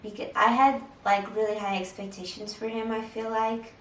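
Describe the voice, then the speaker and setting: Young mom vlogger, echoey room. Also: female voice, fairly high pitch, little pitch movement, normal speed, a bit bright, far from the mic, a little hiss or hum. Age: young adult. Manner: candid, chatty, with frequent "like" fillers. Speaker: vlogger answering viewer questions. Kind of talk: casual Q&A chat.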